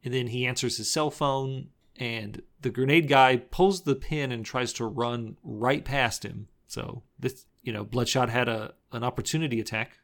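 A man's voice: mid-range voice, normal speed, hardly any pauses, a bit bright. A man co-hosting a podcast, casually retelling a movie's plot with frequent laughs and rambling asides. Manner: rambling, laughs often while retelling scenes. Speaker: podcast co-host. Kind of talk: casual movie recap chat.

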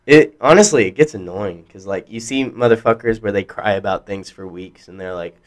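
Blunt, lower-voiced young man. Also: fairly quick. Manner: blunt, profane, with stammering restarts. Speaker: podcast co-host. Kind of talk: casual chat.

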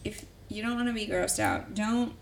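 A woman's voice: mid-range voice, big pitch swings, moderate pace, vocal fry, a little hiss or hum. A young woman co-hosting a podcast, chatty and playful, giggling through casual conversation. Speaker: podcast co-host. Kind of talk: casual chat.

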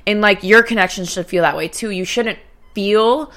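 A young woman co-hosting a casual chat podcast, animated and swearing freely. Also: medium pitch, moderate pace. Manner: animated, swearing, laughs often. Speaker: podcast co-host.

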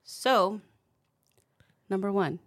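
A woman hosting a casual podcast, relaxed and giggly, her voice still coming back after being sick. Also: mid-range voice, very slow. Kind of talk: casual chat.

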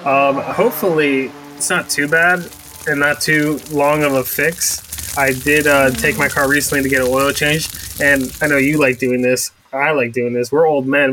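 A man's voice: medium pitch, bright, forceful tone, slight background noise, low-quality recording. A young man co-hosting a podcast, chatting casually with rambling, sarcastic asides. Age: young adult. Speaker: podcast co-host. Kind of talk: casual chat.

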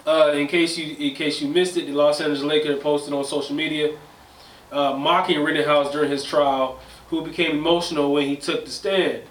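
A man's voice: fairly high pitch, little pitch movement, a little fast, recorded from a distance. A man co-hosting a casual podcast chat, laid-back, chiming in with short replies and reading out news items. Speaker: co-host. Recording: echoey room, voice off-mic, faint noise.

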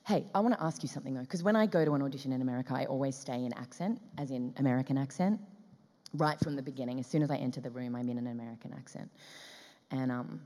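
An Australian woman with a low, warm-bottomed voice is telling stories animatedly in an interview. She slips in and out of quoted dialogue and laughs often. Her voice carries a long, reverberant tail from the room. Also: fast. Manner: lively, acts out dialogue in quotes, frequent laughs. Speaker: guest.

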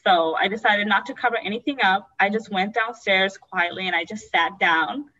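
A woman's voice: mid-range voice, moderate pace, pushed and bright, muffled recording. A young adult woman, a guest, candidly telling an emotional personal story and acting out the voices she quotes.

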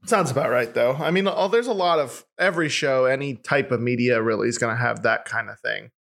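Young male podcast co-host, mid-pitched and easygoing, casual chat. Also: creaky, a bit bright. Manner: easygoing, quick to laugh along.

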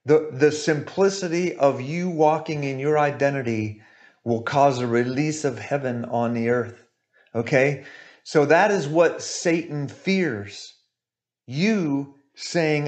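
A male preacher with a fairly high voice delivers an emphatic sermon. He hammers his points through repetition and keeps checking in with "right?" and "okay?". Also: takes it slowly. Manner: emphatic, repeats points, asks "right?" often.

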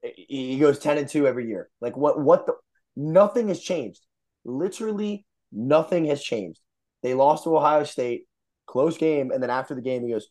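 A man's voice: on the high side, lively intonation, a little mellow. A young man co-hosting a casual sports podcast, exasperated and profane as he rants. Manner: exasperated, profane, quick ranting. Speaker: podcast co-host.

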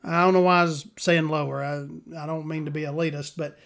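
A man's voice: on the high side, fairly even intonation, a little fast, vocal fry, fairly bright tone. A man, hosting a podcast in a rambling, profane, sardonic monologue. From Southern US. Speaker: podcast host.

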